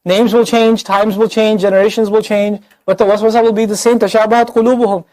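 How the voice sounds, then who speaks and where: A man giving a lively religious lecture as a Quran teacher, talking conversationally with the audience and firing off rhetorical questions. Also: high voice, brisk, poor audio. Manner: animated, fires off rhetorical questions; conversational, addresses the audience directly.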